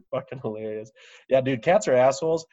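Brief: male co-host, mid-pitched, joking and profane, dull lo-fi sound. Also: normal speed, darkish tone. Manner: joking, profane, laughs through stories. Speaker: podcast co-host. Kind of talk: casual chat. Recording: dull lo-fi audio.

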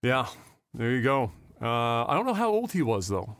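A man's voice: mid-range voice, big pitch swings, normal speed, fairly bright tone, no echo, studio quality. A man hosting a casual podcast, chatting and rambling about movies and games, swearing freely. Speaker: podcast host. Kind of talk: casual chat.

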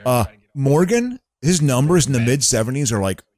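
A man co-hosting a casual chat, rambling through baseball memories and trivia with animated enthusiasm. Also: medium pitch, normal speed, no room sound, clean studio sound. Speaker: podcast co-host.

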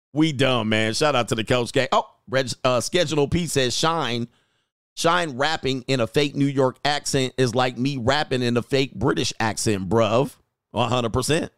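A man hosting a casual dating-talk livestream, joking and mocking as he reads out viewer comments, using slang and drawn-out emphasis. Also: medium pitch, fairly bright tone, clean tone, no room sound, clean studio sound. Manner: joking and mocking, slips into playful impressions and laughs often. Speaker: dating coach and show host.

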